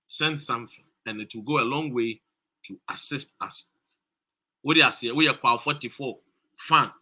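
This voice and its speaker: A Ghanaian man speaks with a very bright, forceful edge. He talks over a street demonstration as an activist, repeating calls to his viewers and greeting them by name. His voice sits at a middling pitch. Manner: rousing, repeating calls and shout-outs to viewers. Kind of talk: live-streamed rally talk.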